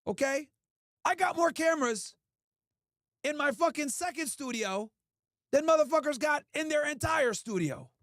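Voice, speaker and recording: Guy streaming live, kinda high voice, swears a lot and rants back at chat, dry close sound. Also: animated, normal speed, pauses often, a bit bright, no room sound. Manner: profane, ranting, talks back to chat. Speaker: streamer host. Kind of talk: casual livestream talk.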